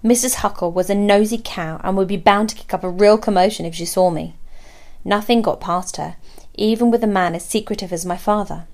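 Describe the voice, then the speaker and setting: Brief: woman narrator, even first-person storytelling, middle pitch. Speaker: audiobook narrator.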